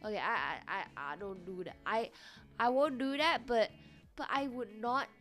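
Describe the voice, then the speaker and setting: A young woman streamer chatting casually with her viewers, reacting loudly and animatedly to chat comments. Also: fairly high pitch, moderate pace, soft background music.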